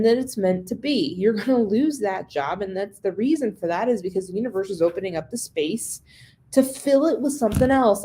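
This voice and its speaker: A woman's voice: mid-range voice, warm tone, slight background noise. A woman business owner speaking frankly in a casual monologue, swearing freely as she recounts her work experiences. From based in San Diego. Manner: frank, swears freely, acts out past conversations. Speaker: business owner and social media consultant.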